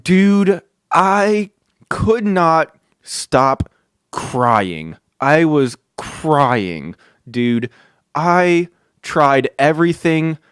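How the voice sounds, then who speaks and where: A man hosting a podcast, telling a story in a casual, excitable way, swearing and calling the listener "dude" again and again. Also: mid-range voice, clean tone, no echo, clean studio sound. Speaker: podcast host.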